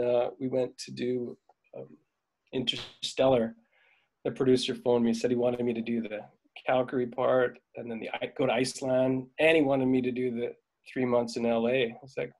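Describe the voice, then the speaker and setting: A man's voice: mid-range voice, flat delivery, moderate pace, darkish tone. A middle-aged man, a film crew veteran, telling rambling stories in a casual interview, with frequent fillers and laughs. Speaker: veteran dolly grip, guest.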